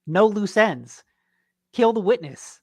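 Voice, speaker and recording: A woman's voice: mid-range voice, lively intonation, slow pace, slightly rough, no echo. A woman co-hosting a casual gaming news podcast, making dry, wry quips. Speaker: podcast co-host.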